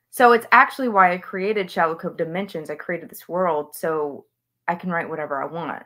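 Gushing woman with a low voice. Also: normal speed, fairly bright tone. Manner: gushing, enthusiastic. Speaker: author guest. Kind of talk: casual interview chat.

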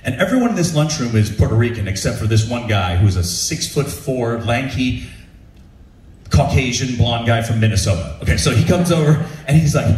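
A man spins a funny personal story for a live crowd, his pitch swinging up and down with the telling. He is heard from a distance in a roomy, echoing venue, with faint noise underneath. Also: moderate pace. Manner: animated, self-deprecating, laughs through the story. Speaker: stand-up storyteller, show host. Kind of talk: comic storytelling to a live audience. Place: shipboard show venue.

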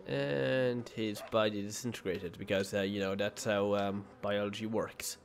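A man's voice: on the low side, steady tone, a little slow, slight background noise. A man hosting a gaming channel, giving casual, self-mocking commentary while playing a horror game at home. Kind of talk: let's play commentary. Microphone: desk mic with webcam.

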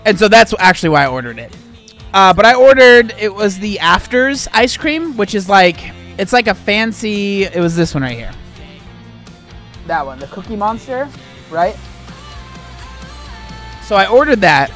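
A man hosting a casual vlog, ranting in an exasperated, animated way and tossing in "dude" and "bro". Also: high voice, normal speed, long pauses, soft background music. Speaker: food vlogger host.

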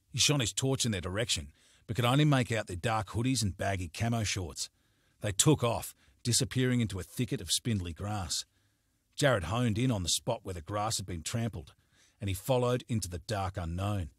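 Man, audiobook narrator, measured storytelling, low voice, husky, dry close mic. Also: no echo.

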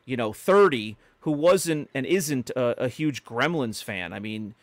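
A man's voice: mid-range voice, animated, unhurried, no echo. A middle-aged man co-hosting a podcast, telling stories in a chatty way with many fillers and restarts. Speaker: podcast co-host. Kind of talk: casual podcast chat.

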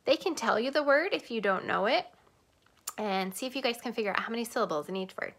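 A woman teacher giving a lesson to young children, sing-song, clapping out words slowly. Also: on the high side, expressive, fairly bright tone.

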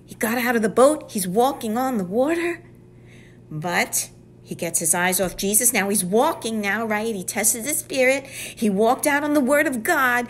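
A woman's voice: on the high side, moderate pace. A woman giving a devotional Bible teaching. She speaks earnestly and often drops to a whisper for emphasis.

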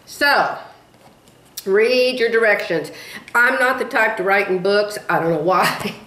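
A woman's voice: medium pitch, measured pace, sharp tone. A woman in her sixties telling rambling stories in a casual vlog, chatty and drifting off topic, laughing at herself. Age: 60s. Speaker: beading vlogger. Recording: echoey room.

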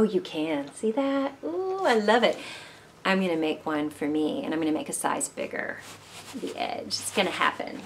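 A woman's voice: lowish voice, a little hiss or hum. A woman hosting a knitting video podcast at home, chatting and rambling casually to camera and asking her viewers questions. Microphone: camera mic, moving handheld camera.

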